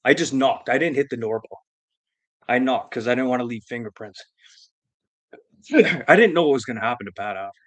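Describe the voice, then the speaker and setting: A man's voice: medium pitch, expressive, fairly quick, long pauses, a bit bright. A man hosting a live stream who tells a long comedic story in a rambling, profane, emphatic way.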